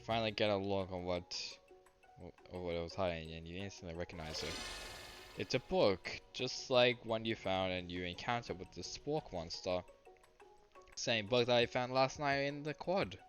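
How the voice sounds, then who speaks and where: A man's voice: fairly low pitch, moderate pace, fairly bright tone, soft background music. A young man streamer reading a story game aloud with jokey, laughing asides.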